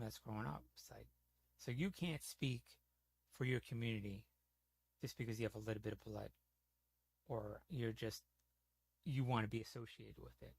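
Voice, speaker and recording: A man's voice: medium pitch, gravelly, darkish tone, dry recording. A man chatting casually on a gaming stream, telling rambling, profane stories full of "you know". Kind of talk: casual storytelling chat.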